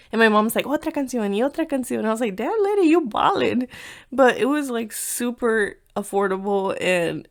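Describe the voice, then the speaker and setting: A woman in her thirties from the United States talks through her own podcast in a relaxed, chatty way. She leans on "like" and drops Spanish phrases into her English as she tells stories. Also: medium pitch. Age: 30s. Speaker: podcast host. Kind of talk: casual solo podcast storytelling.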